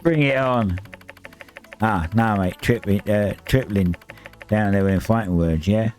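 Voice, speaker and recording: A man's voice: on the low side, lively intonation, unhurried, darkish tone. A man voicing a brash male talking kangaroo in a put-on Australian accent, full of slang and mock-tough taunts, with music behind. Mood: taunting. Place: home streaming setup.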